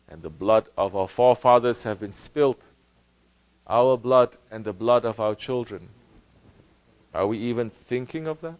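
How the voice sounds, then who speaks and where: A man giving a Sufi sermon as teacher, impassioned, swinging between loud outbursts and hushed lines, full of rhetorical questions and repetition. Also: on the low side, no room sound, rough recording.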